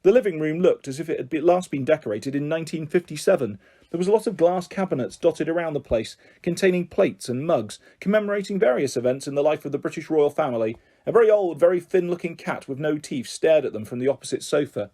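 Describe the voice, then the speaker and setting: Expressive male storybook narrator. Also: fairly high pitch, fast talker. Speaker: audiobook narrator.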